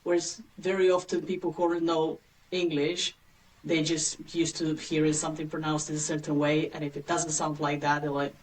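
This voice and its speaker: A woman in her late thirties from Bulgaria, speaking English with a Bulgarian accent as an interview guest, chatty and quick to laugh. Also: deep voice, little pitch movement, distant mic, poor audio. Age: late 30s. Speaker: guest, agency founder. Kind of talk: casual interview chat.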